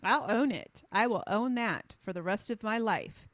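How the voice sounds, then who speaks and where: A woman's voice: mid-range voice, a little slow, dry recording. Emphatic middle-aged woman, dry sound. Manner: emphatic, repeats phrases for punch; animated storyteller acting out quotes. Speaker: health coach. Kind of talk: impassioned conversational advocacy.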